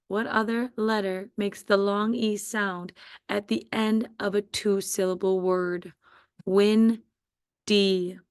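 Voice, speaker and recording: A woman teacher giving a slow, patient spelling dictation to first graders. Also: mid-range voice, clear, resonant tone, no room sound, clean studio sound. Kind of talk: spelling quiz dictation for young students.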